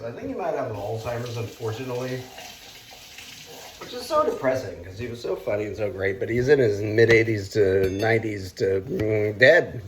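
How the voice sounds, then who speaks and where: A man cooking and chatting on his own vlog, rambling and swearing freely, with sudden loud outcries. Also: lowish voice, background noise. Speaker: cooking vlogger.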